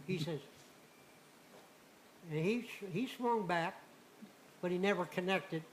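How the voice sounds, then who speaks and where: High-voiced older man spinning a folksy yarn. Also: slow, slight background noise, rough recording. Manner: folksy, animated storyteller acting out dialogue. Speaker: returning guest. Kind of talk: telling a personal story on a radio show.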